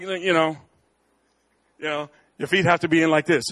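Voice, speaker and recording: A middle-aged man preaching a sermon in church, telling stories with lively swings between bold, loud lines and quiet asides. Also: a little high, normal speed, pauses often. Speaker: guest preacher. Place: church sanctuary.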